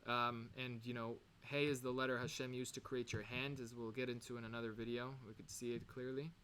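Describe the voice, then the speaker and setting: A man's voice: medium pitch, level tone, brisk, a bit bright, a little hiss or hum. A man giving an informal recorded lesson, explaining Hebrew words in English, digressing often and correcting himself. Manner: digressive, with many fillers and self-corrections. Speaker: Torah teacher.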